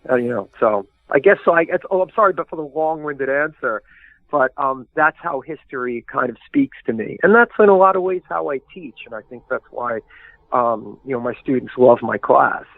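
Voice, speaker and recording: In a relaxed interview, this author and historian from around New York rambles through lengthy stories packed with fillers, his medium-pitched voice creaky and at normal speed. There's no echo; the sound is dry and tinny, like a phone line.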